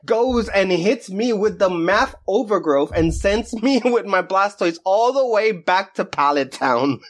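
A man co-hosting a podcast in casual chat, an animated storyteller who laughs often. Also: high-pitched, a little slow. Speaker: podcast co-host.

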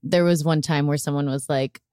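A woman hosting a chat show, talking in a chatty way with quick asides and asking her guest questions. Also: deep voice, fairly even intonation, dark tone, no room sound. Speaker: podcast host. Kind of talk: casual interview chat.

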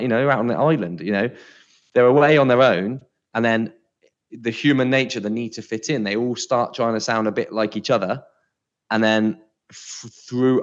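A man from Britain co-hosting a podcast, chatting casually and rambling through restarts and fillers. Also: mid-range voice. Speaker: podcast co-host. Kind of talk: casual chat. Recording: dull lo-fi sound.

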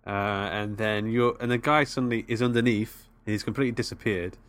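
A man's voice: medium pitch, fairly even intonation, a little fast, fairly bright tone. A man co-hosting a casual film chat, easygoing and a little hesitant as he recaps scenes. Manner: easygoing, hesitant, many fillers. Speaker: podcast co-host.

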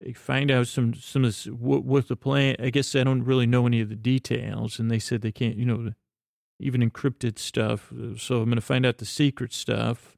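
Man, gravelly voice, dry close sound, rambling bedtime story, halting, lots of fillers. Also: medium pitch, level tone, a little mellow, no echo. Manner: meandering, halting, full of fillers and restarts. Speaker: storyteller addressing a pen pal.

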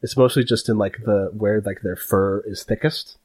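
A man's voice: fairly low pitch, normal speed, husky. A man narrating a tabletop game as game master, rambling with lots of fillers. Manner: rambling, filler-heavy, animated.

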